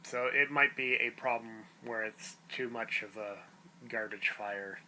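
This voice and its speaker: A man's voice: lowish voice, measured pace, a little hiss or hum, rough recording. A man co-hosting a podcast, skeptically arguing his points in casual chat. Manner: skeptical, argues his point with animated swings. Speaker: podcast co-host.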